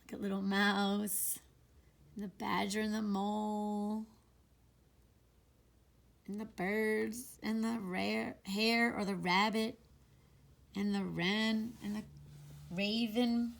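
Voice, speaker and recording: A woman's voice: medium pitch, flat delivery, slow, creaky, pauses often. A woman teacher reading a picture book aloud to kindergarten children. She reads expressively and stops to ask them questions.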